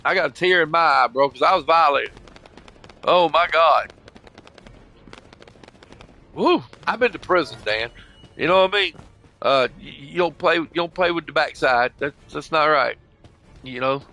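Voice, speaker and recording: A man's voice: fairly high pitch, measured pace, pauses often, bright, forceful tone. An older man telling a long, rambling, emotional story in casual chat, swearing often and saying "bro" and "you know what I mean" again and again. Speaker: gamer chatting on voice chat.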